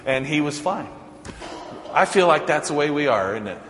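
Conversational pastor in an echoey church. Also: male voice, a little high, lively intonation, normal speed, fairly bright tone, slight background noise. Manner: storytelling, conversational, chuckling. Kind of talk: sermon. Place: church sanctuary. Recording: echoey church hall, faint ambience.

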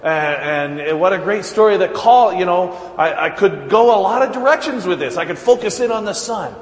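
Joking pastor in an echoey church. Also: male voice, high voice, lively intonation, moderate pace. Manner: conversational and joking, laughs often. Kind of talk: sermon. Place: church sanctuary. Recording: echoey church hall reverb.

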